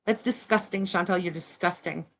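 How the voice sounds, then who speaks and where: A woman's voice: on the low side, moderate pace, fairly bright tone. A woman hosting a reaction livestream, giving blunt, sarcastic, scornful commentary. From Canada. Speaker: commentary channel host.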